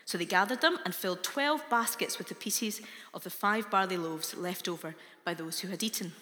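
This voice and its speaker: A woman reading scripture aloud in a slow, deliberate way. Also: mid-range voice, bright, forceful tone. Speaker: scripture reader. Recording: reverberant hall.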